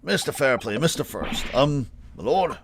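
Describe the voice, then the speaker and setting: A man voices a stern, formal judge from a video game courtroom. His voice is a touch lower than usual and moves lively. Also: normal speed, gravelly, noisy background.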